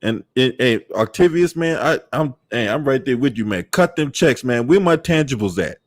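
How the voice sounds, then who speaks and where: A man livestreaming in casual chat, swearing freely, laughing often and shouting out viewers. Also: medium pitch, expressive, moderate pace, no echo, studio quality.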